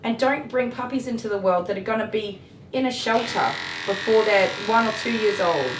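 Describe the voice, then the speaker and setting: A woman's voice: mid-range voice, normal speed. A woman, a dog groomer chatting casually while she grooms, getting passionate and worked up as she talks, with mild swearing. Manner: passionate, ranting, swears mildly. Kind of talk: casual chat while grooming on a live stream. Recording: echoey room with electric clipper noise.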